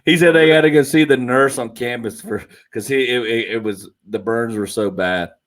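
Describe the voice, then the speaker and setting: A man co-hosting a podcast, telling a funny story in a casual, animated way and laughing often. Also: mid-range voice, moderate pace. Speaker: podcast co-host.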